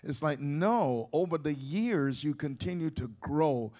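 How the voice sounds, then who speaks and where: Guy preaching, folksy and chatty, keeps restarting sentences, voice a bit on the high side. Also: expressive, measured pace, warm tone. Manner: conversational preaching with many restarts and asides; folksy, with colloquial grammar. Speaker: pastor. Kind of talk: sermon.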